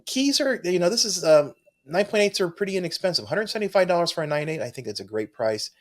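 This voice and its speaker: A man's voice: high-pitched, lively intonation, quick pace. A man co-hosting a comic book podcast, chatting casually and enthusiastically with frequent restarts. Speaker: podcast co-host. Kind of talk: casual chat.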